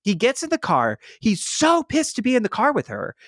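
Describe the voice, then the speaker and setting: A man's voice: very high-pitched, moderate pace, dry recording, clean studio sound. A man hosting a podcast, chatting casually about a movie and swearing freely. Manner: animated, swears freely, acts out scenes. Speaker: podcast host. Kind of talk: casual movie review chat.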